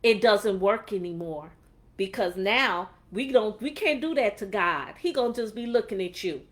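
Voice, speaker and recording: A woman giving a faith-based motivational talk on a livestream, animated and preachy, acting out quotes along the way. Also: medium pitch, moderate pace. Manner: animated, preachy, laughs often, acts out quotes. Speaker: motivational speaker.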